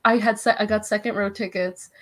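A young adult woman, a guest on a podcast, chatting in a bubbly, excitable way full of "like"s. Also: mid-range voice, a little fast. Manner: bubbly, excitable storytelling, many "like"s. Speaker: wrestling interviewer, podcast guest. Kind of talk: casual podcast chat.

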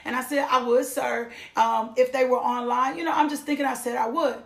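A woman's voice: high voice, steady tone, fairly quick, creaky. A middle-aged woman giving a church testimony, emphatic and repeating phrases for effect. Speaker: testimony speaker. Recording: echoey room.

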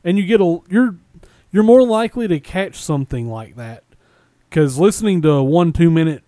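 Male podcast guest, higher-pitched, rambling storyteller, dry close sound. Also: moderate pace, no echo. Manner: relaxed storytelling with many "like" and "I mean" fillers. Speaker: podcast guest, former ghost hunter. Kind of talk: casual chat.

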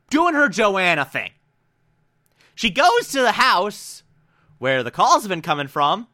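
A man casually recapping a TV episode, animated and profane, acting out characters' lines as he goes. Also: high-pitched. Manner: animated, profane, quotes characters mid-story. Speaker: TV recap commentator.

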